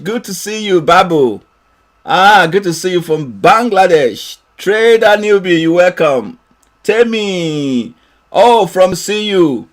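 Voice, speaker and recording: A man hosting a live trading lesson, cheerfully greeting viewers by name and laughing often. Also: high-pitched.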